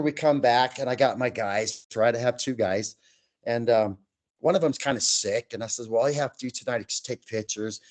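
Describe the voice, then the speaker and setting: A man telling his own eerie outdoor experiences to an interviewer, in an animated way that acts out the other people in the story. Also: mid-range voice. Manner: animated, acts out quoted voices. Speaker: guest storyteller. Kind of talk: telling personal paranormal stories.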